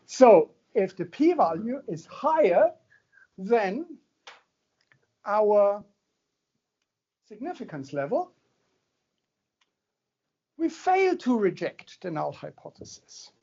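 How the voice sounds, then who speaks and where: Male lecturer, unhurried and animated, mellow husky tone, dull lo-fi recording. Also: high voice. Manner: conversational, jokey, checks in with the audience. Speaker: university lecturer. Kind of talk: classroom lecture.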